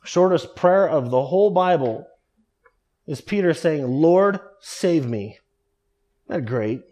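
A man preaching a sermon earnestly, dropping low and quiet for emphasis and drawing out quoted prayers slowly. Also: lively intonation.

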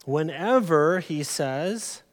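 A man preaching a sermon as pastor, earnest and deliberate, often calling his listeners beloved, in a large church sanctuary. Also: fairly high pitch, lively intonation, in a large hall. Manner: slow, earnest preaching with drawn-out emphasis.

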